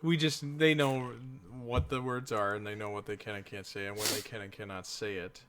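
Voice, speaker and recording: A man's voice: on the low side, steady tone, a little fast, a bit bright, a little hiss or hum. A man co-hosting a casual podcast, telling stories about his kids in a laid-back way. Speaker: podcast co-host.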